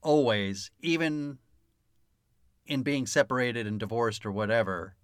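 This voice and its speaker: A man's voice: mid-range voice, lively intonation, measured pace, a bit bright, smooth, no echo, clean studio sound. A man co-hosting a casual film podcast, swearing freely and laughing often as he talks. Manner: profane, laughs often, mock-stern teasing. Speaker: podcast co-host. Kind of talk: casual chat about a film.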